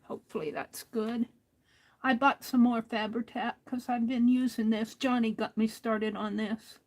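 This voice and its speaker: A woman hosting a craft stream, talking casually to herself as she works, often trailing into soft near-whispers. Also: a little high, fairly even intonation, a little slow, rough recording. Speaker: craft livestream host. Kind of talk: casual craft talk while working.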